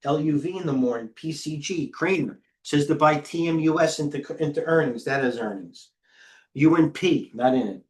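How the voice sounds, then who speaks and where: A middle-aged man hosting live trading commentary, firing off clipped ticker call-outs and excitedly talking to himself as he trades. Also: a little high, normal speed. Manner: talks to himself while trading. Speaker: head trader hosting a market livestream.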